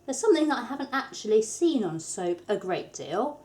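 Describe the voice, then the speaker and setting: In a very animated, brisk manner, an Englishwoman runs a soap-making tutorial, her voice a little high and slightly mellow. She keeps it casual and chatty, poking gentle fun at herself.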